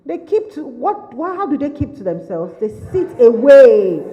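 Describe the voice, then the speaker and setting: A woman's voice: high voice, sing-song, mellow. Woman lecturing in an echoey hall. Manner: asks rapid repeated questions, lists and restates points. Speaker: behaviour management trainer. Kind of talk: workshop lecture to caregivers. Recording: lo-fi recording with long hall reverb.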